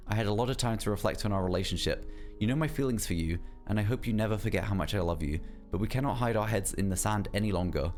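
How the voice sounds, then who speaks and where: A man streaming a game live, reading notes and letters aloud and breaking off to chat with his viewers. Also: fairly low pitch. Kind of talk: live gameplay commentary.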